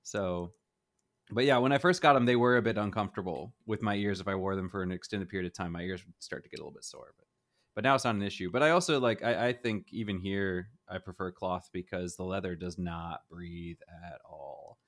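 A middle-aged man with a somewhat low voice chats casually about gaming gear. He rambles and hedges, circling back on his points and chuckling often. He sounds like a relaxed co-host. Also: brisk. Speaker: podcast co-host.

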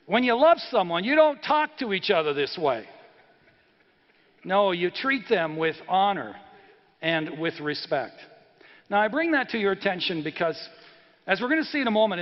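A man's voice: high-pitched, sing-song, moderate pace, long pauses. A man preaching a sermon in an earnest, conversational way, with frequent hesitations. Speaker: pastor. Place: church sanctuary. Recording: reverberant church hall, dull sound.

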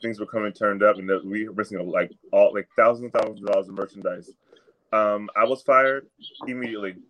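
A young man on a casual podcast chat, telling stories with lively acted-out quotes. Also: lowish voice, brisk, lo-fi sound. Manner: animated storytelling, acts out the people he quotes. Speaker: podcast co-host.

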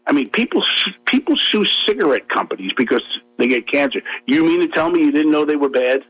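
A man's voice: a little high, big pitch swings, fairly bright tone, slightly rough, rough recording. A man arguing his points on a radio talk show, emphatic and repetitive, over a faint music bed. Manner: emphatic, fast-talking, repeats himself. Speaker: guest.

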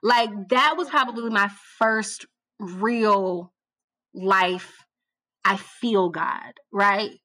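Emphatic, bright-voiced woman telling a story. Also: medium pitch, very slow. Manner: animated, emphatic, repeats phrases for effect; colloquial, addresses listener as girl. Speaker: guest, TV producer. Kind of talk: casual storytelling interview.

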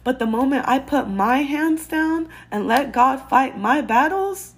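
Woman with a gravelly vocal fry. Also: high-pitched, animated, measured pace. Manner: earnest and candid, casual swearing. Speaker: podcast host. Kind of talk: personal faith-based advice talk.

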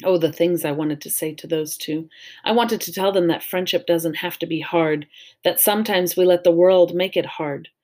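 A woman reading a children's novel aloud to a class, in a calm and measured way. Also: fairly low pitch.

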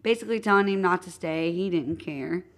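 Woman podcast co-host, gravelly tone, earnest casual storyteller. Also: on the low side, fairly quick. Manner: earnest, retelling events step by step.

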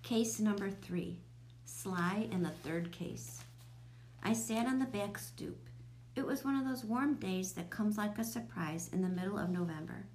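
Reading a children's chapter book at a measured pace, an expressive storyteller with a mid-range, slightly mellow voice lifts her voice for the children's dialogue. The room is echoey, with a faint hum in the background.

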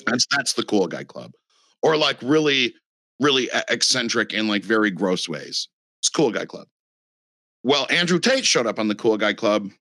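Bright-voiced man, rambling casual chat. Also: medium pitch, big pitch swings, normal speed, no echo. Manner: rambling, profane, lots of fillers.

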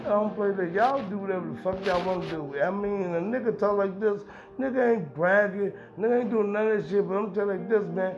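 A podcast host with a high voice gives a rambling, profane casual monologue, stressing every point emphatically. The dull, lo-fi recording has music clearly playing underneath.

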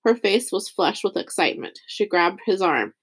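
A woman reading a chapter book aloud as narrator, raising her pitch for the characters' lines. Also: lively intonation, moderate pace, slightly rough. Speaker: audiobook reader. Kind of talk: scripted narration.

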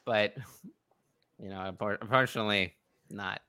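A man's voice: lowish voice, normal speed, a bit bright, no room sound, clean studio sound. A man co-hosting a podcast, bantering in a playful, teasing way. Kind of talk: casual chat.

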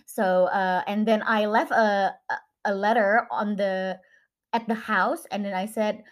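A middle-aged woman casually telling a story at home, unhurried and hesitant with many fillers. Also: mid-range voice, steady tone. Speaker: guest, mother of the host. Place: family home.

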